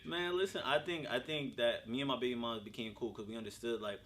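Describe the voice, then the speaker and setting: A young man hosting a casual podcast chat, telling animated stories and acting out his daughter's lines. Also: medium pitch, quick pace. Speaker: podcast host.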